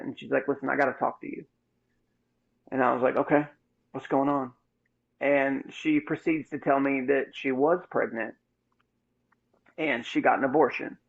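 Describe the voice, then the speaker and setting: A man in his thirties, a podcast host, telling a candid personal story in a casual, animated way. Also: medium pitch, vocal fry. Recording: muffled lo-fi audio.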